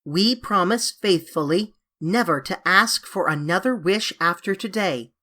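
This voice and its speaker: A woman's voice: on the low side, measured pace, sharp tone. A woman voicing an eager, coaxing young English girl who pleads dramatically, in a storybook reading. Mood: pleading.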